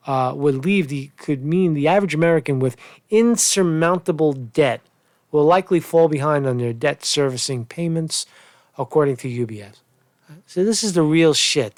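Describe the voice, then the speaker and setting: A man's voice: on the high side, no room sound. A man giving casual political commentary in a video blog, rambling and blunt, repeating and restarting his phrases.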